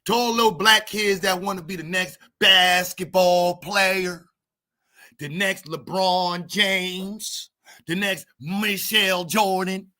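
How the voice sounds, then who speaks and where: A man voicing a mocking country white man who slows his words and calls out like a preacher at a rally. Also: high voice, steady tone, bright, forceful tone, full character voice. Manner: drawn-out preacher-style rally cries.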